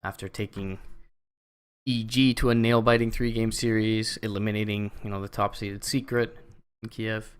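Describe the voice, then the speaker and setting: A young man with a Canadian accent giving solo esports play-by-play commentary, chatty and relaxed with lots of fillers. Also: lowish voice, normal speed, clear, resonant tone. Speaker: esports caster.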